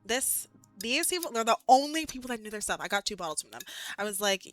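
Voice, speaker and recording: A woman's voice: a little high, expressive, quick pace, a bit bright, soft background music. A woman streaming live, chatting casually with viewers in a rambling, giggly way, full of "like".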